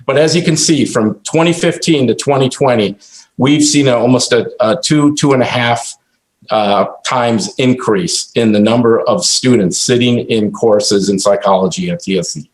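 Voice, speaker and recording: A man presenting slides at a college board meeting, halting speech with many fillers and restarts. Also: medium pitch, low-quality recording.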